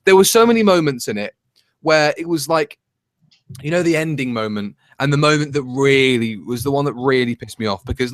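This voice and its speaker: A man's voice: medium pitch, a little fast, no echo. A man co-hosting a casual review chat, ranting in an exasperated, sarcastic way. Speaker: co-host.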